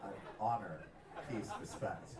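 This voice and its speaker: Brief Male comic-musician, slow playful absurd patter, loud crowd and venue noise around him. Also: on the low side. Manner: playful absurd mock-serious rambling. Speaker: comedian-musician on stage. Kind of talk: live stage banter with the crowd. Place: concert stage before an audience. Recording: echoey live venue, far mic, loud crowd.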